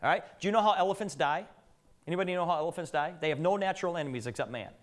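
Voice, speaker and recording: A man's voice: a little high, rapid-fire. A middle-aged man giving a live business presentation to an audience, telling joking stories and putting questions to the room.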